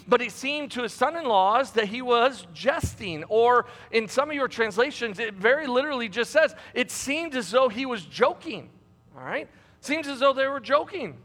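A man's voice: high voice, animated, moderate pace, fairly bright tone, long reverb tail. A man preaching a sermon, reading scripture aloud with emphasis and turning aside to address the congregation.

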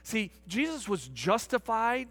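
Animated, high-pitched man preaching a sermon. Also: unhurried. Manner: animated, swings from shouting to hushed. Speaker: pastor. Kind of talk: sermon with storytelling.

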